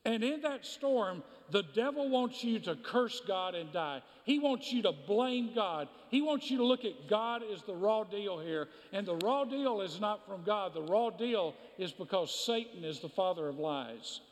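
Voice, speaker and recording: A man with a notably high voice preaches a sermon, hammering points home through repetition. His words ring out with a long reverb in a church sanctuary. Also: expressive, measured pace, hardly any pauses. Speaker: pastor.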